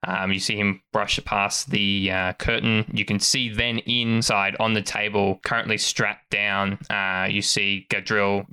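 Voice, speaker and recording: A man's voice: fairly low pitch, pushed and bright, clean tone. A man narrating as game master, casual, with lots of fillers and swearing.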